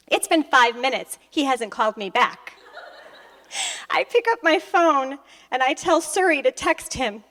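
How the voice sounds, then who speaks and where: A woman with a high, bright voice gives a motivational stage talk. She tells personal stories with animated energy and slips into the voices of the people she quotes. She sounds middle-aged and speaks easily to a live audience. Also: a little slow. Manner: animated storyteller who acts out conversations and laughs often. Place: stage at an expo.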